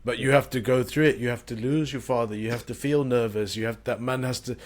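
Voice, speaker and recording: A man's voice: mid-range voice, fairly even intonation, fairly quick. A man from South Africa, a podcast guest talking in a reflective, casual way and using vivid imagery.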